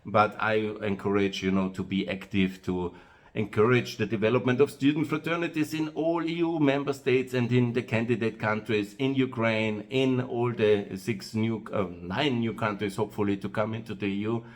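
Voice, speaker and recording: A man with an Austrian-accented English voice that sits a little low. He talks in an unscripted, rambling way, pausing on "uh" and circling back to repeat himself. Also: little pitch movement. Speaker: host of his own video channel. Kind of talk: monologue to camera.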